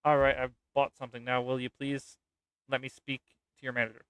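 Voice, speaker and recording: A man's voice: medium pitch, flat delivery, fairly quick, smooth, dry recording, narrow, tinny audio, natural voice. A man doing an exasperated stern professor. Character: indignant demanding male professor.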